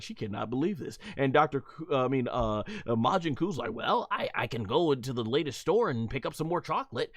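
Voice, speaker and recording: Animated man reviewing an anime episode. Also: fairly high pitch, no room sound, clean studio sound. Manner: animated, acts out characters' lines; laughs often, talks to viewers like friends. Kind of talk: excited casual commentary.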